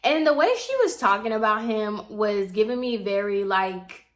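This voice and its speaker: A woman's voice: medium pitch, lively intonation, normal speed. A young adult woman vlogger retelling a personal story in casual, chatty storytime style, with many fillers.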